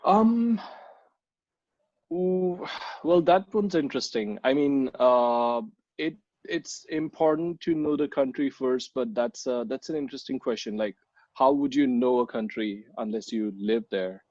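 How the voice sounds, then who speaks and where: A man's voice: mid-range voice, measured pace, a little mellow, dry recording. A young man from India answers questions in a casual interview, his talk full of ums and restarts. The sound is dull and lo-fi, dry with no room around it. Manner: hesitant, many ums and restarts. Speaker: podcast guest.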